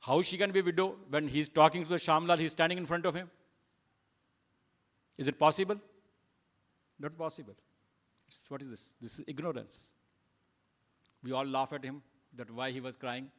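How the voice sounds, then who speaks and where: A man preaches to a temple gathering at a middle pitch. He tells little stories, poses rhetorical questions and swings between quiet asides and loud emphasis. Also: steady tone, normal speed, pauses often. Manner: storytelling, rhetorical questions, loudness rising and falling. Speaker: speaker at a temple program. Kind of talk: sermon.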